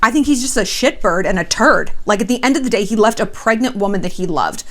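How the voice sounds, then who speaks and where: A young woman hosts her vlog with celebrity gossip and relationship advice. She talks bluntly and sassily, swears freely, and her voice sits at a middle pitch. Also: animated, fast talker. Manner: blunt, profane and sassy. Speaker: vlogger host.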